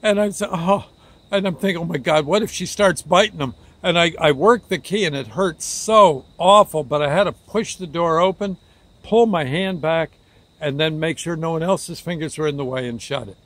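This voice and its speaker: A man recounts a personal mishap in a relaxed, rambling way. He stumbles over words and restarts sentences often. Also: fairly high pitch, moderate pace. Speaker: storyteller. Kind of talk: casual personal anecdote.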